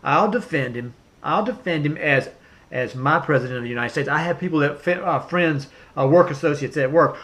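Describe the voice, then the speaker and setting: A man's voice: fairly high pitch, fairly quick, a bit bright. Emphatic man ranting. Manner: emphatic, repetitive, with many fillers and restarts. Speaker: vlogger. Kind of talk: political rant to camera.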